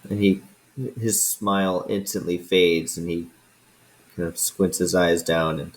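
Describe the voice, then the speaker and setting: A man runs a tabletop game as game master, calmly describing the scene. His voice sits very low, and he takes his time with every line. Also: a little slow, low-quality recording.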